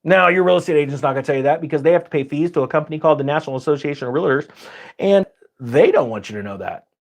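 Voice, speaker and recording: A man hosting a finance channel, giving casual, sarcastic commentary over charts with big jumps in pitch for emphasis. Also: expressive, very fast.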